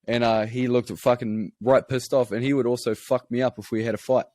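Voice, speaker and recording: A man's voice: mid-range voice, little pitch movement, a little fast, warm tone, no room sound. A man with a New Zealand accent telling rambling, profane, self-mocking stories as a podcast co-host. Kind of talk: casual storytelling.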